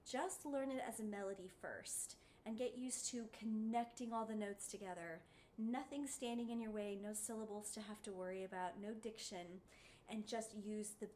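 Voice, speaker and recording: A woman's voice: mid-range voice, darkish tone, slight background noise. A woman giving a singing lesson, encouraging her students and showing them the sounds with sung vowels. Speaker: voice teacher.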